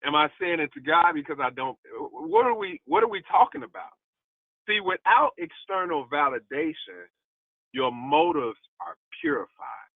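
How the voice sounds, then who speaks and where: A man's voice: a little high, lively intonation, normal speed, no room sound. A man giving a motivational devotional talk as a preacher, emphatic and testifying, repeating key lines for emphasis. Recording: tinny phone-like audio, dry.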